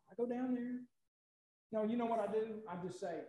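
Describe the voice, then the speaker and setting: A pastor in his forties with a high voice preaches in a folksy, storytelling way. He repeats his main points and drives his lists up to loud emphasis. The sound rings in an echoey church hall. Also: brisk. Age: 40s. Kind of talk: sermon.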